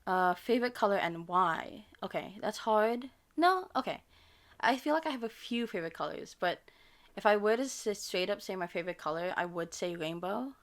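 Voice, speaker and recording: This American woman, an ASMR creator, has a mid-range, animated voice at a normal pace, plus a lisp and a faint Filipino flavor in her accent that comes from her parents. Fielding viewer questions, she wanders and hesitates, filling the gaps with ums and correcting herself often.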